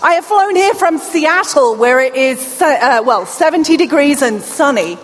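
A woman's voice: high voice, animated, normal speed, a faint crowd, slight background noise. A middle-aged woman with a British accent and a slight deaf accent, giving a conference keynote speech and bantering playfully with the audience. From England. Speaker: keynote speaker. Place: large event hall. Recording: long hall reverb, faint room ambience.

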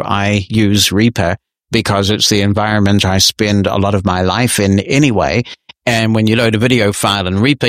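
Male podcast host, low voice, dry booth sound, steady explainer answering listener mail. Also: dry recording. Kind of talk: casual talk.

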